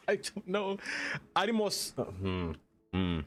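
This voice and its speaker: A man's voice: fairly high pitch, huge pitch swings, slow pace. A young man from the United States chatting casually on a live stream, laughing a lot and playfully trying out silly accents.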